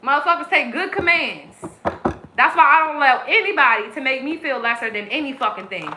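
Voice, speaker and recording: A woman's voice: high-pitched, expressive, brisk, bright, forceful tone, a little hiss or hum. A woman tarot reader on a live stream, ranting in an aggressive, profane, preachy way. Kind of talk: live-stream spiritual rant. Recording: echoey room.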